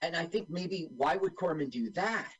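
On a radio talk show, a male co-host chats and jokes while narrating what's happening on screen as they watch a film. His voice is a little high and husky, his pace moderate, and the audio quality is poor.

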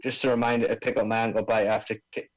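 A man's voice: fairly low pitch, flat delivery, fast talker, lightly acted, low-quality recording. A man doing a put-on Australian accent, voicing a brash male bomb-disposal expert full of slang at an amateur table read over a video call. He is breezy and stumbles over the technical jargon.

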